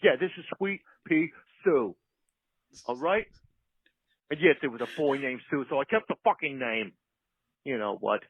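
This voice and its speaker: A man playing an enraged puppet-show has-been, profane threats, gravelly husky voice, tinny phone voicemail. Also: medium pitch, animated, moderate pace, long pauses, no room sound, voice pushed up. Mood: furious. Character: foul-mouthed furious washed-up puppet-show star. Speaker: voicemail caller.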